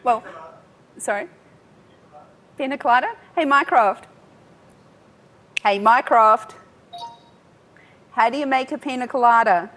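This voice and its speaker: A woman giving a live software demo at a tech talk, chatty and self-mocking, laughing often. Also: high-pitched, normal speed, pauses often. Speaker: tech speaker.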